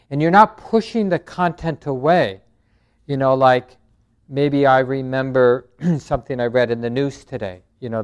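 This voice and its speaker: A man teaching a meditation class, speaking in a calm, gentle way and answering questions from the group. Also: mid-range voice, smooth. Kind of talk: dharma talk with group questions.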